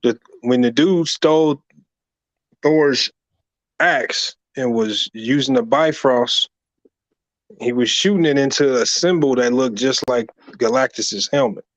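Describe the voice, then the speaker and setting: A man in a casual podcast chat who explains at length in slangy speech with "um" pauses. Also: mid-range voice, no room sound. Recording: dull dry lo-fi mic.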